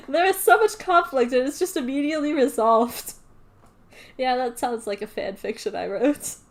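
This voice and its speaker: Giggly, excitable young woman streamer. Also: high voice, moderate pace. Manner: giggly, excitable, self-mocking. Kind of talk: casual livestream commentary.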